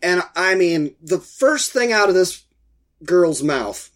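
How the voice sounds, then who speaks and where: A man's voice: high-pitched, lively intonation, takes it slowly. A middle-aged man with a head cold, chatting casually and telling a rambling, exasperated story. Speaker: podcast co-host. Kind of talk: casual chat.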